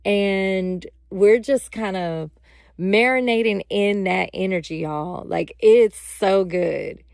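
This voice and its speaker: A woman vlogger tells a personal story in a casual, unhurried way, with a heavily gravelly, fry-laden voice. She talks straight to her viewers, and the sound is close and dry with no room to it. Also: mid-range voice, no echo. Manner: animated, addresses viewers directly.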